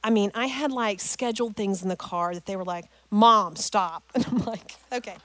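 A woman's voice: medium pitch, moderate pace, no room sound. A middle-aged woman speaking to a parents' group, telling an emotional personal story and tying it to scripture. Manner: emotional, animated storytelling, addresses listeners as "guys".

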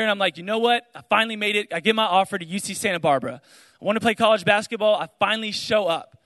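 A young man giving a spoken testimony to an audience, telling his story with lively storytelling and acting out the voices of the people in it. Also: high voice. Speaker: speaker sharing his testimony. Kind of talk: testimony talk to a crowd. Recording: large hall reverb.

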